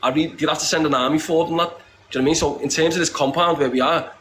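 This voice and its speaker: A man's voice: fairly high pitch, steady tone, very fast, a bit bright, a little hiss or hum, low-quality recording. Blunt, sweary northern English man. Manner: blunt, sweary, keeps adding "lad"; emphatic, repeats himself. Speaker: interviewee, charity campaigner. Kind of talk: impassioned interview talk. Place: secure compound, indoors.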